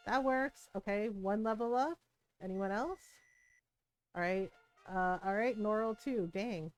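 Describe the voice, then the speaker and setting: A woman's voice: mid-range voice, slow pace, clean tone, no room sound, faint music behind. A woman streaming a video game, with chatty, rambling commentary and frequent laughter. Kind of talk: casual live-stream commentary.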